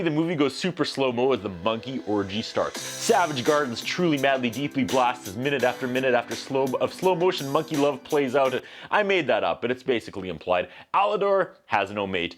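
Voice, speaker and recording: A man's voice: mid-range voice, animated, fairly quick, few pauses, faint music behind. Man doing a wry movie recap. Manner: wry, sarcastic asides. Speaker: video reviewer.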